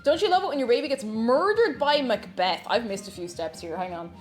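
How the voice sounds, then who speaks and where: A woman's voice: on the high side, lively intonation, brisk, soft background music. A woman chatting casually while she cooks on a live stream, giggly and talkative, reading out chat messages. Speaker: cooking streamer.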